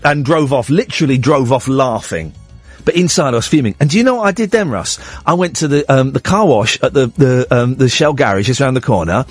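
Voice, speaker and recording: Animated husky-voiced radio host. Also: male voice, medium pitch. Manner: animated anecdote-telling with lots of "right?" and acted quotes. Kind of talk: casual radio chat, storytelling.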